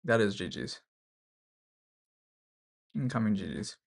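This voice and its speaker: A creaky, fairly low male voice, expressive and slow. He's an Australian who streams chess, casually narrating his online games as he thinks aloud, with plenty of jokes and digs at himself.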